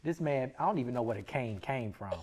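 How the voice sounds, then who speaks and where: A man's voice: mid-range voice, animated, fast talker, over a noisy crowd. Laid-back male co-host telling a story. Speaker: podcast co-host. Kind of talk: casual storytelling chat.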